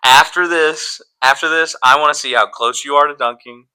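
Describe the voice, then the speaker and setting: A man's voice: fairly high pitch, steady tone, normal speed, sharp tone, clear, resonant tone. A young man co-hosting a podcast in casual chat, posing silly hypotheticals in a playful way and laughing often. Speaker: podcast co-host.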